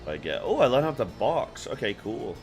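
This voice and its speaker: A man's voice: medium pitch, sing-song, moderate pace, darkish tone, soft background music. A man streaming a video game, chatting casually with viewers in a laid-back, joking way.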